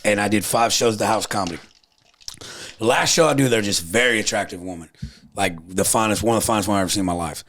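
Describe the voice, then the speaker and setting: A man in his thirties, a podcast host and comedian, telling crude stories in an animated, profane way. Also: on the low side, quick pace. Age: 30s. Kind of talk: casual chat.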